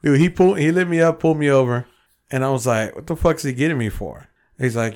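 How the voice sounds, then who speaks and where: Man co-host; loose, cussing, animated storyteller. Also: mid-range voice, quick pace, gravelly. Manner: profane, animated storytelling with voiced quotes. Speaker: podcast co-host. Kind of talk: casual chat.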